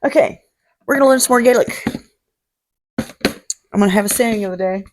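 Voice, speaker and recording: A woman's voice: a little high, moderate pace. A woman hosting a casual vlog, talking in a jokey, salty way and swearing freely. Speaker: host. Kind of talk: casual chat.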